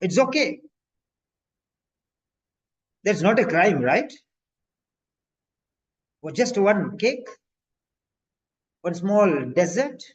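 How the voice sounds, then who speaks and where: A man's voice: high voice, very animated, very slow, long pauses, voice pushed up, heavily acted. A man voicing an angry, hungry male patient who pleads indignantly to be allowed to eat. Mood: indignant pleading. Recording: dull lo-fi audio.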